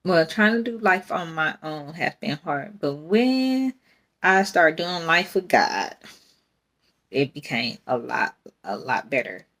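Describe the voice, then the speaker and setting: Slow-talking rambling woman podcaster. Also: low voice, very animated, a bit bright. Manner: rambling, candid, laughs often. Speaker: podcast host. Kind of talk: casual faith talk.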